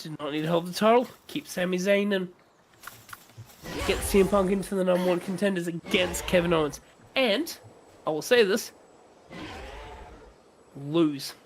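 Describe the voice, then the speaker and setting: Sitting high in pitch over a little hiss or hum, a man co-hosting a gaming stream rants with strong opinions. He swears often during the casual chat.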